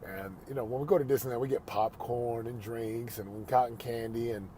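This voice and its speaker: A man's voice: medium pitch, steady tone, moderate pace, dark tone, slight background noise. Earnest motivational male podcast host. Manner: earnest, conversational, preachy pep-talk delivery. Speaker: father.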